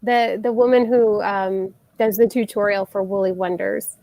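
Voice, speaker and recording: A woman's voice: mid-range voice, fairly even intonation, moderate pace, gravelly, dry recording, lo-fi sound. A woman co-hosting a casual crochet live show over a video call, chatting, laughing often and reading out viewer comments. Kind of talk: casual chat.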